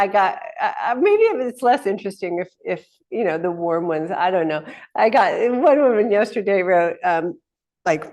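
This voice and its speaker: Rambling woman talking casually. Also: fairly low pitch. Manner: rambling, many fillers and restarts, laughs often, acts out quotes. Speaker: host. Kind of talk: casual spoken talk.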